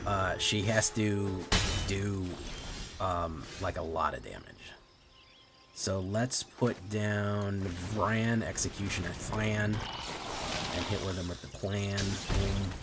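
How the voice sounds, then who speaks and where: A man's voice: low-pitched, takes it slowly, over loud music. A Latino man streaming a card game, chatting casually and switching between English and Spanish. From Latino family. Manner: loose and profane, with frequent "um" and "like".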